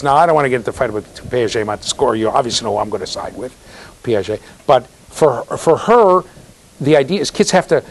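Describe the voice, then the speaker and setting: A man giving a classroom lecture in a conversational way, telling stories, checking in with students and acting out the voices of people he quotes. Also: mid-range voice. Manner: animated storyteller, acts out quoted voices. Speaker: university lecturer.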